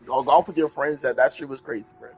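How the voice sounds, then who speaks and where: A man's voice: mid-range voice, fast, slightly rough. A man in a casual group chat, slangy and stammering over his words.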